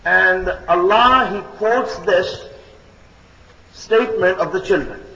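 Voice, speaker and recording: High, bright male preacher; emphatic, repetitive sermon delivery in an echoing hall. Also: slow, creaky. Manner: emphatic, repeats key phrases; addresses listeners as brothers and sisters. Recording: echoey hall, dull lo-fi sound.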